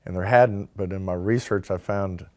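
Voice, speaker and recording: A man with a very low voice tells a long, casual story about starting his business. He acts out the people in it in quick bits of dialogue and fills the gaps with "like" and "you know.". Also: fairly even intonation, darkish tone. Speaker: distillery founder telling his start-up story.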